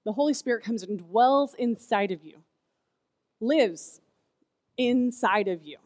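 A woman in her thirties, working as a youth speaker, gives kids a casual sermon at a measured pace. Her voice is fairly high, the recording is dry, and her animated storytelling is full of "like" fillers.

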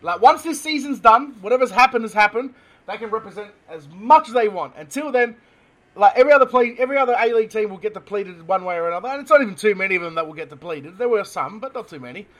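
An Australian man co-hosting a casual sports chat podcast, excitable, laughing often and tripping over names. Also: high voice, fast. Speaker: podcast co-host.

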